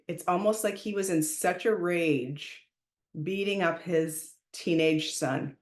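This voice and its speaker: A woman hosting a podcast, retelling a story in a casual, emphatic way and raising her voice when she quotes herself shouting. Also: low voice, reverberant. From Canada. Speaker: podcast host.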